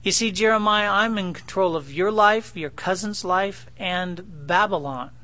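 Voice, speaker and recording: A man's voice: high voice, measured pace, bright, forceful tone. A middle-aged man preaching a sermon in a conversational, joking way, acting out his own dialogue with God. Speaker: pastor.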